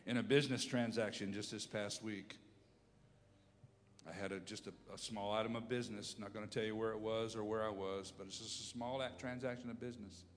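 Male pastor, impassioned sermon delivery, swings loud to low, reverberant church hall. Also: fairly even intonation, a little fast. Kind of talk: sermon with prayer.

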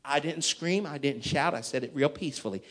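A pastor in full storytelling mode, his voice sitting a touch higher than most men's. He delivers his sermon with emphasis and drama, swinging from loud declarations to quiet, intimate asides. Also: fairly quick.

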